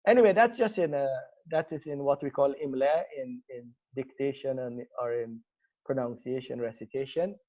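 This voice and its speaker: A man teaching an online grammar lesson, spelling out terms slowly and calling on students by name. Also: medium pitch, mellow, muffled recording. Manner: slow, deliberate drilling of Arabic terms, calling on students.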